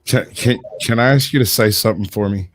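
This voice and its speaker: A man's voice: fairly low pitch, brisk, slight background noise. A man in a casual group chat, playful and polite.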